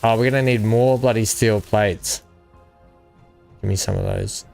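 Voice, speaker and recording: A man's voice: lowish voice, steady tone, measured pace, gravelly, darkish tone, faint music behind. An Australian man hosting a gaming video, chatting casually and enthusiastically while he plays, often rambling. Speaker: gaming channel host. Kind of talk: casual gameplay chat.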